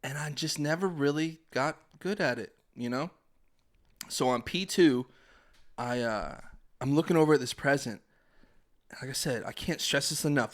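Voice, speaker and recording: A young man, a podcast host, telling a story in casual chat, laughing and acting out his family's voices. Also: medium pitch.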